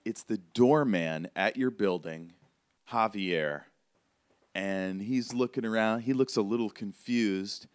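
A man narrating as game master in a tabletop game, relaxed and casual with many fillers. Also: on the low side, slow, clear, resonant tone, no room sound.

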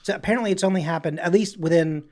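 A man talking casually on a podcast, his voice sitting a little high. He rambles through long stories, piling up fillers and restarts as he goes. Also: quick pace, darkish tone. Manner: rambling storyteller, slips into mock voices and quotes. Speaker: podcast co-host. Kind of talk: casual chat.

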